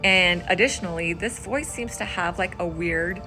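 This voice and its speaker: Woman, lowish voice, earnest explanatory story, music underneath. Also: moderate pace. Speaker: mother sharing a personal video.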